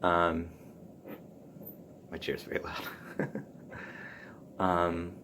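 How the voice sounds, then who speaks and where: A man hosting a solo podcast, musing aloud about writing in a halting way, full of ums and restarts. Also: deep voice, monotone, noisy background. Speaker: podcast host. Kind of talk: casual solo talk on writing.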